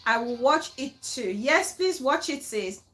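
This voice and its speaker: A woman hosting a casual, animated reaction chat about a reality show, acting out other people's words. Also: high-pitched, measured pace, soft background music, low-quality recording. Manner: animated, dramatic, quotes others in mock voices.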